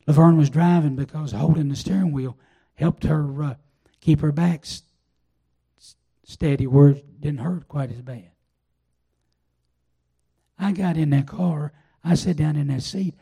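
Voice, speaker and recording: Older preacher guy, deep dark tone, kinda raspy, telling his testimony slow and homey. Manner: folksy storytelling, drawn-out pauses. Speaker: pastor. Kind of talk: sermon with personal testimony.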